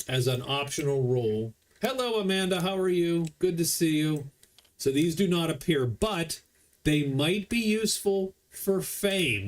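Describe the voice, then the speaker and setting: A man with a slightly raised voice talks casually through a solo board game. He explains rules and moves in a loose, chatty manner. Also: on the high side. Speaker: board game player streaming a solo playthrough.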